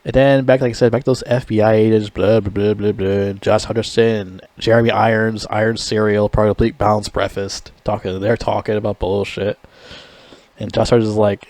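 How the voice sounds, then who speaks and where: A man's voice: fairly low pitch, normal speed, darkish tone, no room sound. A young man giving a casual movie review, rambling, blunt and full of swearing. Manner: rambling, heavily profane, blunt.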